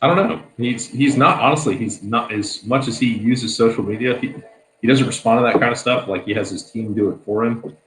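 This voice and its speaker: A man hosting a casual livestream chat, laid-back and quick to laugh. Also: mid-range voice, fairly bright tone. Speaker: host. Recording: echoey room, faint noise.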